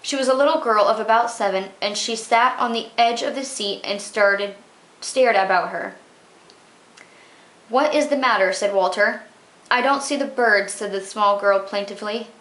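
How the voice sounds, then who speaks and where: A woman reading short old magazine stories aloud, expressive and steady. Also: mid-range voice, normal speed. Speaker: reader. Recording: roomy echo.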